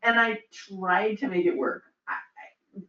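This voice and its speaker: A man's voice: high voice, fairly even intonation, a little slow, pushed and bright. A man on town staff walking a select board through policy drafts in casual meeting talk, chatty and self-deprecating, laughing often. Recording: distant mic, roomy meeting hall, dull sound.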